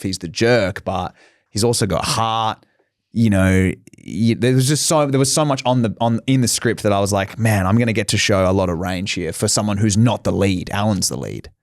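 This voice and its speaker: A man's voice: lowish voice, dry recording, studio quality. Candid man telling stories. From Australia. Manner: candid storytelling with swearing and acted-out quotes. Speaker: actor guest. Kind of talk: casual interview chat.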